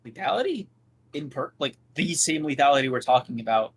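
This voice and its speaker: A man's voice: medium pitch, expressive, a little fast, slightly rough. A man co-hosting a podcast in casual chat, teasing and joking with his co-host and the viewers.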